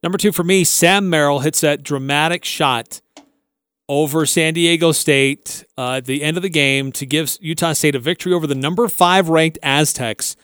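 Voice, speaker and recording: A man hosting a sports radio show, running through results in steady casual talk. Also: on the high side, moderate pace, clean tone, no room sound. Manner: steady, listing facts plainly.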